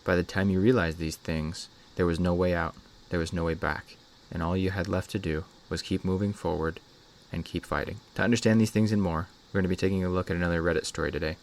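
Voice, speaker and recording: Low-voiced man narrating a scary story. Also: steady tone, fast, creaky. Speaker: host, story reader. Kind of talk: scripted horror story narration.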